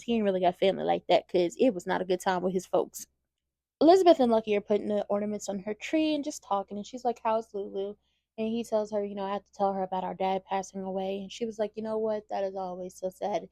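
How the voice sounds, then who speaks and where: A woman's voice: medium pitch, mellow, no echo. A woman hosting a casual soap opera recap, telling the story in a sassy, slangy way and acting out the characters' lines. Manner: acts out characters' lines in quotes.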